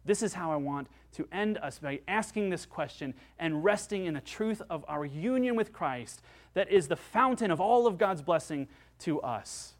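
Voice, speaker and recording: A male pastor preaching a sermon in an earnest way, moving between hushed and loud passages. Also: high voice, expressive, moderate pace.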